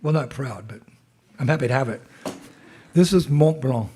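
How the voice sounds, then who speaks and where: A monk with a cold giving a humorous, conversational temple talk as guest speaker. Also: male voice, medium pitch, lively intonation, normal speed, warm tone, a little hiss or hum. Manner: humorous storyteller, loose and conversational. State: has a cold. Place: temple hall.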